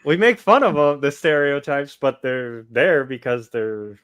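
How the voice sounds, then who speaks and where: A man from the United States co-hosting a podcast, laid-back and trailing off softly. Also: mid-range voice, a little slow, clean tone, dry recording. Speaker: podcast co-host. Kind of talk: casual chat.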